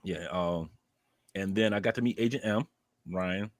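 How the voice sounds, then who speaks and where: Deep voiced guy on a podcast, rambly, lots of ums, dry close sound. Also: a little slow, no room sound. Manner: rambling, filler-heavy, laughs while telling stories. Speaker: podcast co-host. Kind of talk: casual podcast chat.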